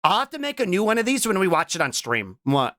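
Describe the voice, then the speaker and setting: Young adult streamer, casual reaction chat, pitch leaping all over, dry close sound. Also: fast talker, no room sound. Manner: animated, breaks into playful shouts and squeals; keeps repeating a questioning "what?" between remarks. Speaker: VTuber streamer.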